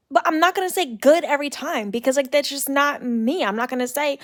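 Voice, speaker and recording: A young woman with a high, bright-pitched voice and heavy vocal fry, ranting casually. She leans on "like" and "literally" and mocks others in an exasperated tone. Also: a little fast, few pauses. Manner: exasperated, mocking mimicry of others. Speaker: podcast host. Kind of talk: casual solo rant.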